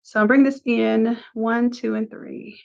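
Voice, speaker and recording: A woman's voice: fairly high pitch, fairly even intonation, unhurried, vocal fry, dull audio. Chatty woman teaching a live design class. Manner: casual, chatty, talks through each step. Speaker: design instructor. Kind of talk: live screen-share tutorial.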